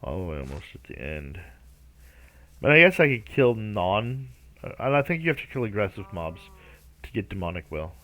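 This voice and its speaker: A man's voice: fairly low pitch, sing-song, normal speed, sharp tone. A man rambling through gameplay commentary, hesitant and self-talking, often stalling and humming nonsense syllables. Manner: rambling, hesitant, talks to himself; hums and scats nonsense syllables. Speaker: Minecraft let's-play host.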